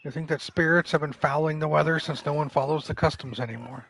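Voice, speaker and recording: A man's voice: fairly high pitch, fairly even intonation, fast, creaky, a bit bright, low-quality recording. A man reading aloud the lines of a curious young aspiring painter in a video game.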